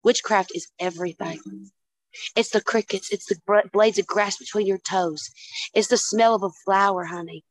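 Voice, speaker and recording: A woman's voice: medium pitch, fairly even intonation, moderate pace, dry recording, poor audio. A woman guest in a casual chat, telling stories with lots of swearing and calling the listener "honey" and "dude". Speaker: podcast guest.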